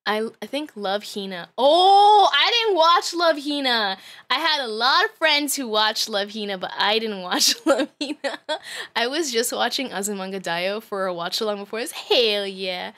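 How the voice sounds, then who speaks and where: Woman, 30s, high voice, bright tone, casual stream chat, laughs a lot, swears, rambly. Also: animated, normal speed. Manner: laughs often, swears freely, rambling with many fillers.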